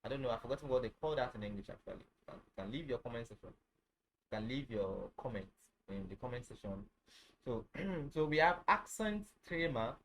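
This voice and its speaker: Man teaching, repeating words slowly. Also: mid-range voice, lively intonation, fairly bright tone, a little hiss or hum, low-quality recording. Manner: repeats words slowly, checks with "can you see?"; restarts and self-corrects often. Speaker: French teacher. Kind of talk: informal spoken lesson.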